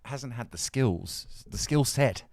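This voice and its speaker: A man co-hosting a podcast, telling an animated story and acting out the people in it. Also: medium pitch, slow pace, no room sound, clean studio sound. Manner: animated storyteller, acts out quoted voices. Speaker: podcast co-host. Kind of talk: casual chat, storytelling.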